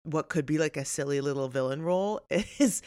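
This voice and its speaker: A woman's voice: low voice, brisk, a little mellow, clear, resonant tone, no echo, studio quality. A woman who acts for a living, chatting casually and animatedly about a film, with many fillers. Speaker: podcast co-host and actor.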